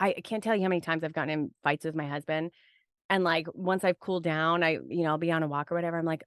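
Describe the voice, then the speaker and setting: A woman's voice: low-pitched, fairly even intonation, very fast, clear, resonant tone, dry recording, clean studio sound. A woman speaking as a podcast guest, talking in a casual, reflective, rambling way full of "like" and "right?". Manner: rambling, restarts, frequent "like" and "right?". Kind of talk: casual reflective interview talk.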